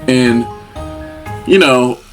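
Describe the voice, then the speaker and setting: A man's voice: medium pitch, drawn-out words, faint music behind. A young man chatting casually as he reacts to an album, rambling and talking straight to the artist as "brother". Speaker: music reaction host. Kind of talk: casual chat.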